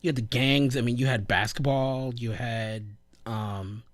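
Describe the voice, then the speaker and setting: A man's voice: medium pitch, fairly even intonation, unhurried, dry recording. A young man co-hosting a casual gaming podcast, laid-back, saying "like" and "dude" often and laughing between thoughts. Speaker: podcast co-host.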